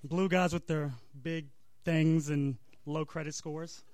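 A comedian reading a crude comic story aloud on stage, laughing and breaking off for asides. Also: male voice, on the high side, fairly even intonation, slow, darkish tone, slight background noise.

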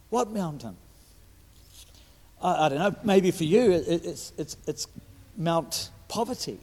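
A man in his fifties with a New Zealand accent, preaching a sermon as a guest speaker, stumbling over restarts and swinging between loud and hushed delivery. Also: high-pitched, lively intonation, measured pace, pauses often, slightly rough. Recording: echoey hall.

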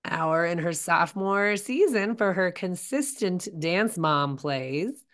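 A woman's voice: lowish voice, animated, slow, fairly bright tone. A woman co-hosting a podcast, chatting casually and animatedly, with stops and restarts. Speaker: podcast co-host. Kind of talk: casual chat.

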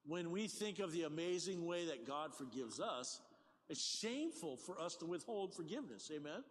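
An older man preaching a sermon as pastor, talking in a conversational, animated way with folksy asides. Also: fairly high pitch, normal speed, a little hiss or hum. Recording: long hall reverb, faint ambience.

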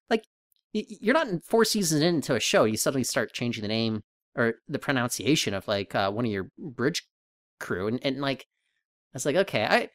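A man co-hosting a podcast in casual chat, thinking aloud and rambling with restarts and animated questions. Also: medium pitch, no room sound, studio quality. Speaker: podcast co-host.

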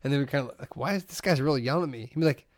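A man's voice: medium pitch, very fast, no echo, studio quality. A man co-hosting a podcast who chats casually and animatedly, acting out the voices in his stories. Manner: animated, acts out quoted voices. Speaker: podcast co-host. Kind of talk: casual chat.

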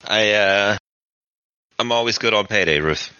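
A man playing a tabletop game, speaking in character in a gruff, wry way. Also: fairly low pitch, measured pace, bright, forceful tone, no echo, dull audio. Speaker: player.

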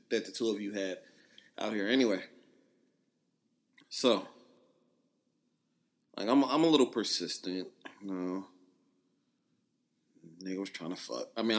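A man hosting a show, telling a personal story in a candid, profane, rambling way. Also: on the low side. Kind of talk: casual storytelling. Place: Toronto.

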